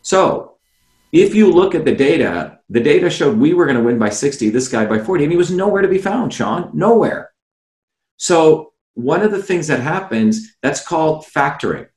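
A man's voice: a little high, expressive, normal speed, darkish tone. Insistent man on a roomy video call. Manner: insistent, keeps addressing the host by name, asks rhetorical questions. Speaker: interview guest, former candidate. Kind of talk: animated explanation on a video call.

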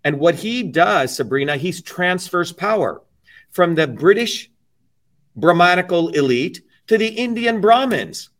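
A man's voice: high-pitched, animated, unhurried, fairly bright tone, distant mic. Emphatic man speaking slightly off-mic. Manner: emphatic, blunt and profane storytelling. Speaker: interview guest. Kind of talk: casual interview talk.

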